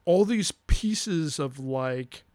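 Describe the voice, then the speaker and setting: A middle-aged man telling a long road-trip story in casual chat, rambling and animated with restarts. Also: a little high, extremely slow, no room sound.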